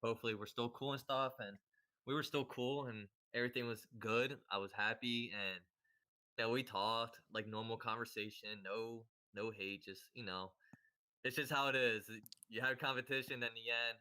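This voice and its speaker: A man's voice: medium pitch, steady tone, normal speed, bright, forceful tone. A man guesting on a podcast, talking earnestly and casually about playing an online game for fun, filling his speech with "like" and "you know". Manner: earnest, repetitive, easygoing, heavy use of "like" and "you know".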